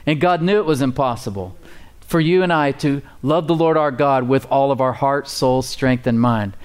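A pastor with a mid-range, clean-toned voice preaches at a moderate pace to a church congregation that answers back. He's emphatic yet casual, repeating key words and asking for amens, his talk loose with fillers and folksy asides.

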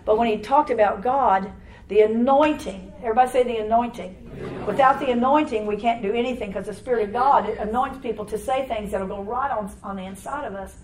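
Older woman, fairly high voice, telling a church testimony in a rambling, animated way, laughing along. Faint background noise. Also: brisk, low-quality recording. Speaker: church speaker giving testimony. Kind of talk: personal testimony to a congregation.

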